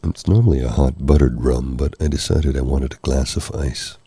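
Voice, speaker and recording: Tired, hoarse male ASMR host; extremely deep, dark, gravelly voice; soft, rambling, apologetic delivery. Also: fairly even intonation, moderate pace, no room sound. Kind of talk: soft-spoken ASMR live stream. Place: candlelit room at home. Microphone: close mic for ear-to-ear speaking.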